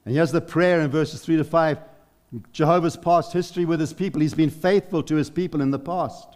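A middle-aged male pastor delivering a sermon in a slightly high voice. He swings from loud, emphatic exclamations to hushed, almost whispered passages and keeps addressing the congregation as friends. His voice carries a long reverb, as in a church hall. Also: steady tone, brisk. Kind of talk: expository sermon.

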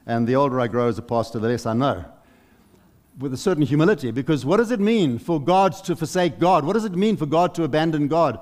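A man's voice: fairly high pitch, lively intonation, quick pace. Dramatic middle-aged male pastor in a reverberant hall. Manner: dramatic, swinging from loud exclamations to hushed near-whispers; addresses the congregation as friends. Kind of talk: expository sermon.

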